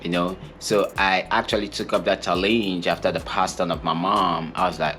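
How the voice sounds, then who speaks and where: A man's voice: low-pitched, fairly even intonation, normal speed, hardly any pauses, fairly bright tone, faint music behind. A young man from Nigeria, co-host of a couple's channel, answering an interview question in an earnest, emphatic way and repeating his points.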